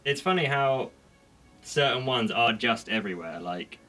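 A man's voice: medium pitch, normal speed, faint music behind. A man co-hosting a podcast, teasing his guest in casual chat. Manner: bright, animated, teasing. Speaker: podcast co-host.

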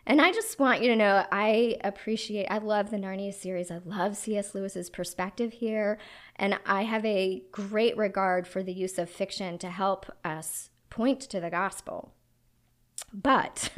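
A woman's voice: medium pitch, a little slow. A woman in her thirties preaching a sermon, telling a personal story in an earnest, reflective way.

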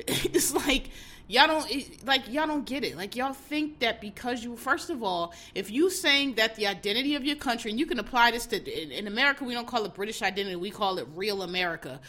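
A woman's voice: fairly high pitch, lively intonation, fairly quick, pushed and bright. A woman hosting her podcast alone, talking bluntly and with animation straight to her listeners. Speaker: podcast host. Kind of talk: casual solo commentary.

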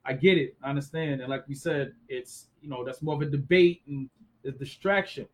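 A man in his thirties co-hosting a casual faith discussion, animated and acting out quoted voices. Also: medium pitch, fairly quick, rough recording. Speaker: co-host.

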